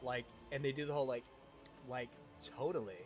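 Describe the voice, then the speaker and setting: A man streaming a game live, chatting affectionately and excitably with his viewers and reacting loudly to the action. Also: medium pitch, a little fast, soft background music. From Utah, US. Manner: excitable, affectionate, talks to chat. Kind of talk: casual gameplay livestream chat.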